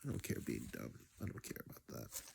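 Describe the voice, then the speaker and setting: A man's voice: a bass voice, huge pitch swings, brisk, gravelly, background noise. A grieving man telling a personal story in a reflective, rambling way, sighing and dropping to near-whispers. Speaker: vlogger.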